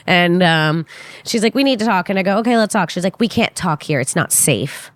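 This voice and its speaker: A young woman on a podcast, casually telling a story in an animated way and acting out the quotes with big jumps in pitch. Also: moderate pace, no room sound. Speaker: podcast guest, comedian.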